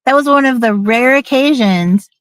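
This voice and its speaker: A woman's voice: high voice, normal speed, clean tone, no room sound. A middle-aged woman telling a personal story in a candid, emphatic, casual way, now and then swearing and acting out what people said.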